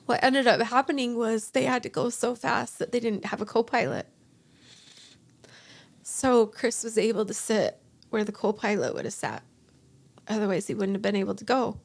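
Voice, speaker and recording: Her voice runs fairly high with some vocal fry as this forties-aged podcast guest recounts something deeply personal. She falters and restarts, voicing quotes as if acting them out.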